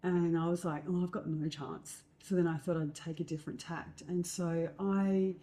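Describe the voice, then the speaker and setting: Mellow-voiced Australian woman telling stories. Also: on the low side, moderate pace. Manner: lively anecdotes with acted-out quotes, fillers. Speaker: guest. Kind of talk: storytelling in conversation.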